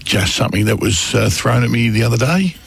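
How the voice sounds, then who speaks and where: Australian male co-host, gravelly husky voice, lively jokey banter. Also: medium pitch, a little fast. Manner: jokey, playful. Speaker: radio co-host. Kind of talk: sports radio banter.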